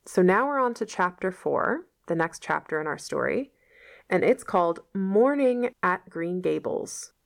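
A woman's voice: on the low side, sing-song, normal speed, gravelly. A woman reading a novel aloud as a lesson, stopping often to explain old-fashioned words in simple terms.

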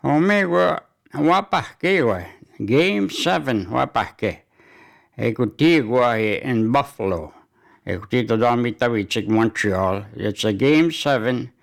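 Slow, gravelly-voiced male announcer. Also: mid-range voice, animated. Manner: halting delivery with many fillers. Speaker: community announcer. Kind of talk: community announcements and sports news.

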